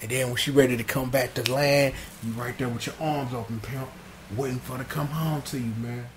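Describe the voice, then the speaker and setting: A man voicing a smooth-talking adult male pimp who gives advice in hushed, laid-back street slang. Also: medium pitch, steady tone, brisk, background noise, pitched below the performer's own voice, natural voice. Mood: coaxing.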